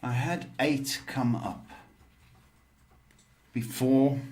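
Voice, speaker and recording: A man hosting a live psychic tarot stream, giving slow, measured advice with frequent pauses. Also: mid-range voice, fairly even intonation, darkish tone. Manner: slow, measured, motivational advice with many ums. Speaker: psychic tarot reader and host.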